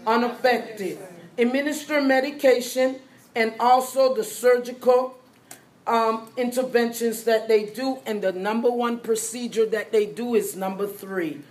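A Haitian woman with a fairly high, darkish voice leads a live nursing exam review class at an unhurried pace, quizzing students and going back over key points. The echoey classroom carries a faint ambience.

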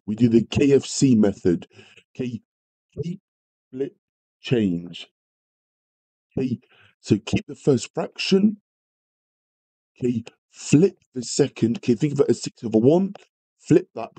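A man's voice: mid-range voice, mellow, husky, low-quality recording. A man teaching a live maths revision lesson, greeting viewers and apologising often as he works through problems. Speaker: maths tutor.

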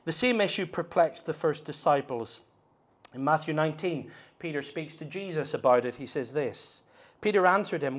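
A middle-aged man preaching a sermon at a conference, earnest, moving between hushed and emphatic delivery. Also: a little high, lively intonation, moderate pace. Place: conference hall.

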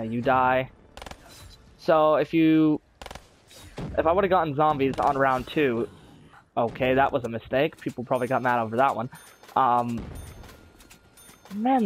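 A man's voice: medium pitch, a little hiss or hum. Rambling young man narrating his gameplay. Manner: rambling, chatty, frequent fillers and restarts. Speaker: gaming YouTuber. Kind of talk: casual gameplay commentary. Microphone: console recording software.

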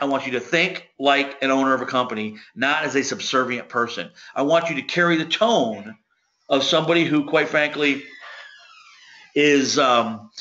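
A male sales trainer gives firm, direct coaching, stumbling briefly over fillers. His voice is bright and forceful. The audio sounds somewhat dull and low-fidelity. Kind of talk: coaching session.

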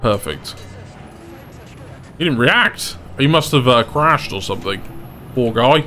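An excitable young man talks through his match, his pitch leaping and dipping from one line to the next. He swings between muttered worries and sudden shouts and laughter. Faint game sounds hum under his voice. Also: takes it slowly. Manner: excitable, bursts into loud laughing fits. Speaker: gaming YouTuber. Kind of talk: gameplay commentary.

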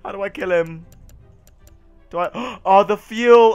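Excitable young man yelling over a game. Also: high-pitched, moderate pace, creaky, long pauses, clean tone, faint music behind. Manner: excitable, swings from mutters to yells. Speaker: gaming YouTuber. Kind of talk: let's play commentary.

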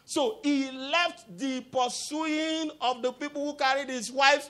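A man preaching a sermon, emphatic and repetitive, breaking into loud exclamations and coaxing the congregation to answer back. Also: very high-pitched, unhurried, few pauses, smooth. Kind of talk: sermon with call-and-response.

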